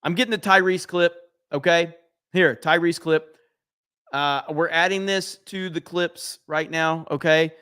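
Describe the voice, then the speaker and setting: A man's voice: a little high, steady tone, measured pace, bright, forceful tone, clear, resonant tone, no echo, clean studio sound. A man hosting a casual late-night livestream, reading viewer messages aloud with joking, profane banter. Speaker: livestream host.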